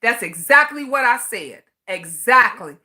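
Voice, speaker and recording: Middle-aged woman, livestream host, high bright voice, fiery and blunt, swears and repeats herself for emphasis. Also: lively intonation, measured pace. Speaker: livestream host reading viewer comments. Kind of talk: impassioned livestream rant.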